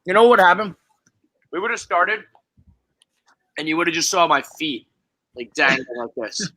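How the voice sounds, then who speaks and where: Bright-voiced guy ranting on a podcast, swears a lot, dry close sound. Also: on the high side, lively intonation, normal speed, no echo. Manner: profane, exasperated. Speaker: podcast host. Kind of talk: casual sports chat. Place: office.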